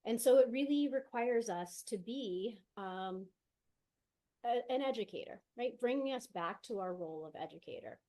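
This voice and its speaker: A woman giving an online conference talk as an educator, explaining steadily and often adding a quick "right?", heard through a video call mic set far from her. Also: fairly high pitch, animated, dark tone.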